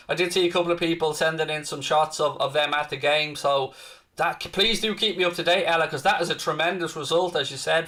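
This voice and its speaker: A man's voice: fairly high pitch, fairly bright tone. A man hosting a live fan stream, chatting in an upbeat, chatty way and reading out viewer comments. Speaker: fan channel host.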